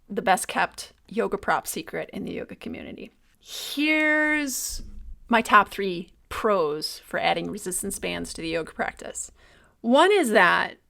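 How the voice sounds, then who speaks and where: Woman hosting a podcast solo, a bit of fry in her voice, thoughtful and reflective, goes soft and breathy sometimes. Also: medium pitch. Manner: thoughtful, reflective, drops to a soft near-whisper at times. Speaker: podcast host.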